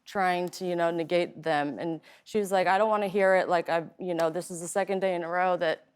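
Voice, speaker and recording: A woman talk show guest recounting what happened in a measured, matter-of-fact way. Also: lowish voice, fairly even intonation, clean tone. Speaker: guest passenger.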